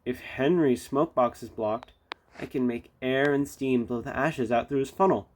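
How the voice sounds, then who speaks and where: A man's voice: mid-range voice, normal speed, slight background noise, lightly acted. A man voicing a sensible engine driver who explains things steadily in a storybook reading. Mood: calm. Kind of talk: storybook read-aloud.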